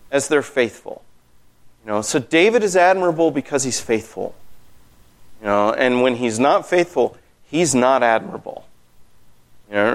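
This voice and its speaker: Emphatic man leading a Bible class. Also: on the high side. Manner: animated, emphatic, with many "you know" fillers. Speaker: Bible study teacher.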